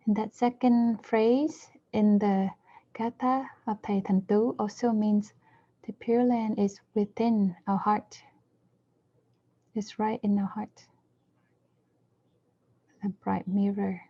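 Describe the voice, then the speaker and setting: A woman interpreting a dharma talk, speaking in measured short phrases and now and then correcting herself mid-word. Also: mid-range voice, steady tone. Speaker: interpreter for a Buddhist teacher. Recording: dull lo-fi recording.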